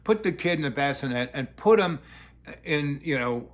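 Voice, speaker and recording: A man's voice: a little high, animated, moderate pace. Rambling older man telling a story. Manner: loose, digressive, acts out quotes.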